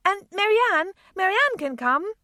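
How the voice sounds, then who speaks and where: Picture an eager little girl of six, her voice pitched high and jumping around as she pleads and hopes, put on by a woman reading an audiobook. The sound is dry and close, with no room around it. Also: very animated, unhurried, bright, forceful tone, dry recording, exaggerated voice. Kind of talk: audiobook character voice.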